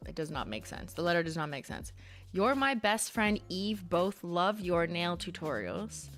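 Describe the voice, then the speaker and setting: A woman's voice: lowish voice, a bit bright. A woman hosting a casual livestream, reading viewer letters aloud with wry asides and frequent laughter. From Canada. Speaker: host reading viewer mail.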